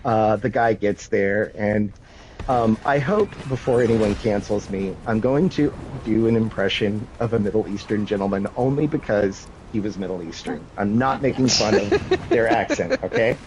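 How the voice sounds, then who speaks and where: A man's voice: lowish voice, expressive, normal speed, darkish tone, a little hiss or hum, poor audio. A man in his thirties telling a self-deprecating story on a live stream, full of fillers and restarts. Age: 30s. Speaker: gaming streamer.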